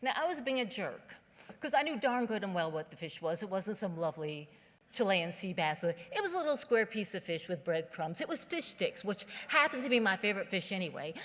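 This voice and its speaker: A woman from southern West Virginia delivers a keynote in a relaxed, joking storyteller's manner, her clear throughout. Her voice sits at a middle pitch, and a long hall reverb trails every phrase from the theater stage. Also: brisk. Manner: humorous, conversational, folksy. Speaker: keynote speaker. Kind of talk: storytelling speech.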